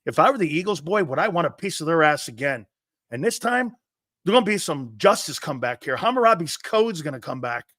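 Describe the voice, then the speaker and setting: A man's voice: a little high, sing-song, fairly quick, fairly bright tone, dry recording, clean studio sound. A man hosting a live sports talk show, reading viewer comments and ranting in a brash, profane, fired-up way.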